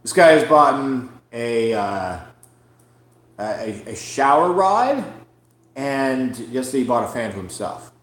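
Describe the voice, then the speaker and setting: Solo podcast host, male, slow and profane, roomy home echo. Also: mid-range voice, sing-song. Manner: profane, rambling and frustrated. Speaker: comedian hosting a podcast. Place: room at home. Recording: roomy echoey room.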